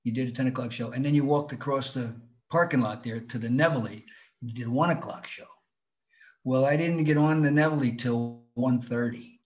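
A man's voice: mid-range voice, moderate pace. A man, a stand-up comedian from New Jersey, telling stories from his shows in a casual chat, acting out scenes. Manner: animated storyteller, acts out scenes with laughs. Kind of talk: casual podcast storytelling. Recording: slightly dull lo-fi sound.

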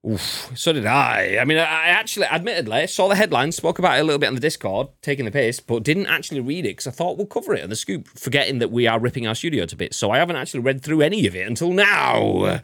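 A man hosting a podcast, his pitch swinging up and down as he jokes his way through the news. He swears freely and sounds dry and close to the mic. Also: sing-song, quick pace, gravelly, few pauses, sharp tone, dry recording. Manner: joking, swears freely, reads news aloud. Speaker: podcast host. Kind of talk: casual podcast chat.

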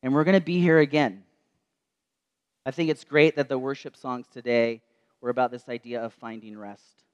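Preacher, male, mid-pitched, reflective storyteller, slows down on key lines. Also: steady tone, clear, resonant tone, muffled recording. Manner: storytelling, slows and softens for quoted words. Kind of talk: sermon. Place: church.

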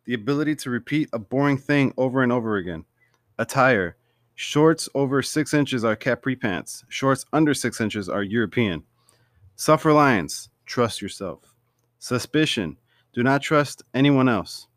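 A man recapping a TV show from home in a casual, animated way, laughing often and acting out lines. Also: medium pitch, unhurried, no room sound, studio quality. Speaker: TV show reviewer.

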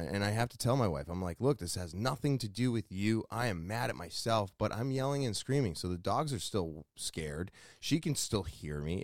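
A man's voice: low voice, dry recording. A man hosting his own podcast, speaking in a candid, self-critical solo monologue that rambles with restarts, close on a mic in a small room. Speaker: podcast host.

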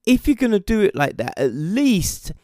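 A man's voice: high voice, big pitch swings, normal speed, darkish tone, no echo, clean studio sound. A man with a British accent giving a casual, sarcastic rant about a TV show, swearing freely. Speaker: TV show reviewer. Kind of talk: casual ranting commentary.

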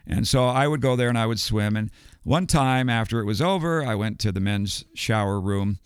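A man's voice: fairly low pitch, moderate pace, smooth, no room sound, clean studio sound. An older man, a guest and retired educator, telling a story casually with many ums and restarts. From United States.

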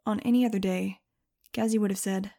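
Woman, audiobook narrator, lively scripted reading, gravelly, mid pitch. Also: a little fast. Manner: lively, shifting into excited first-person telling.

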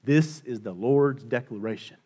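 A middle-aged male pastor preaching a sermon, swinging between hushed and loud and repeating his points for emphasis. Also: medium pitch, normal speed, slightly rough.

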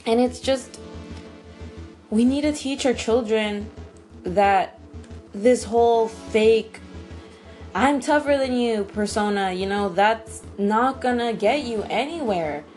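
A woman's voice: a little high, slow, darkish tone, soft background music. A young woman hosting a solo podcast, talking in a rambling, emotional way, swearing freely and sounding tired. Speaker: podcast host.

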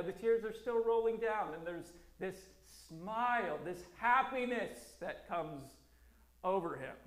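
Slow, earnest male preacher in an echoey room. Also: high-pitched, fairly bright tone. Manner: earnest, emphatic repetition, slow deliberate phrasing. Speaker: pastor. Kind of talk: sermon. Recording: roomy echo.

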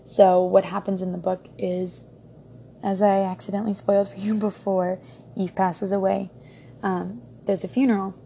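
A woman's voice: mid-range voice, little pitch movement, moderate pace, gravelly, dark tone, slight background noise. A young woman giving a casual book review, rambling with many ums and restarts.

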